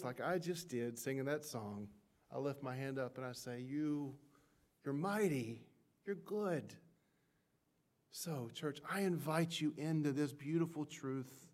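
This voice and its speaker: A middle-aged male pastor giving a sermon, moving from soft, hushed passages to loud, impassioned climaxes. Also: medium pitch, a little slow.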